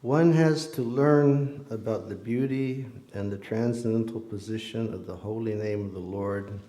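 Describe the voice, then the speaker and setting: A man's voice: lowish voice, measured pace, warm tone. A man giving a temple sermon, telling a personal story and acting out the voices of the people in it. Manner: storytelling, acting out quoted dialogue. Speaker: temple lecturer. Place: temple hall. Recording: echoey hall.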